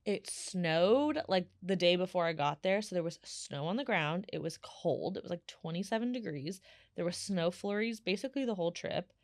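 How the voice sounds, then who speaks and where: A woman in her thirties talks through a solo podcast, chatty and animated, piling on fillers as she tells her stories. Her voice sits on the lower side. The sound is dry and close, with no room echo. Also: moderate pace. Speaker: podcast host. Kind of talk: casual solo podcast chat.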